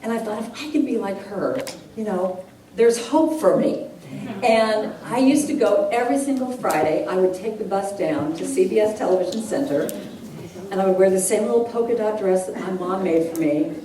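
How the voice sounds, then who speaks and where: A woman's voice: mid-range voice, expressive, normal speed, crowd noise. A woman telling a personal story to a church congregation, acting out voices and laughing often as she speaks. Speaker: guest speaker and singer at a church service. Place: church hall with a live audience. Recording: echoey hall, heard from a distance, audible noise.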